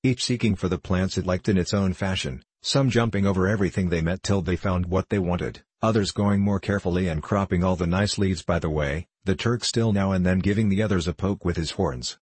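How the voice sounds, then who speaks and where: A man narrates a children's classic with a deep, slightly husky tone. His reading is steady and measured. The sound is close and dry. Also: no echo. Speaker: audiobook reader.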